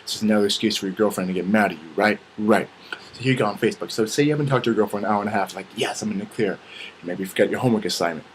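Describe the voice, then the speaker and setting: A young vlogger with a lowish voice rants very fast, swearing constantly and acting out quoted dialogue in a comic, casual, animated way. The recording is rough, with a little hiss or hum.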